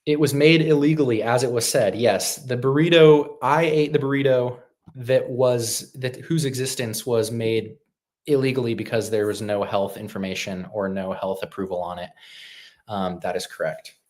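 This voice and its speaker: A man's voice: mid-range voice, steady tone, normal speed, a little mellow. A man hosting a live stream, talking casually in a rambling, opinionated way with lots of fillers and restarts.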